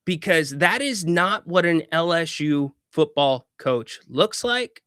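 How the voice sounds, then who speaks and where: Unhurried sports talk guy, kinda high voice, opinionated, bone dry close mic. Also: animated, fairly bright tone, smooth, no echo. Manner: opinionated, restarts words, chuckles often.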